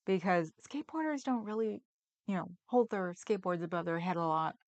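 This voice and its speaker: A woman's voice: medium pitch, expressive, a little fast. A woman hosting a livestream, chatting casually and rambling with frequent laughs. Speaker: livestream host. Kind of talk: casual chat reading comments.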